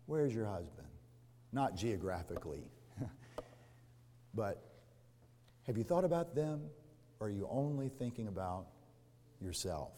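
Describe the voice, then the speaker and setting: A man preaching a sermon as pastor, swinging from loud, emphatic questions to hushed, quiet asides. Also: fairly low pitch, sing-song, a little slow, pauses often, slight background noise. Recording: long reverb of a church hall.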